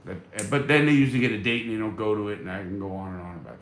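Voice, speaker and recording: A man's voice: on the low side, very fast, roomy sound, a little hiss or hum. A man hosting a casual live stream, reading viewer comments and answering in a blunt, profane, fired-up way.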